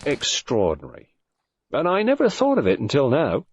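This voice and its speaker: Guy doing a hearty old english copper, blunt and chatty, lively up-and-down voice. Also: medium pitch, moderate pace, slightly rough, voice pushed up. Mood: bluff. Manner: plain-spoken, bluff and chatty. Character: hearty, blunt older English police superintendent.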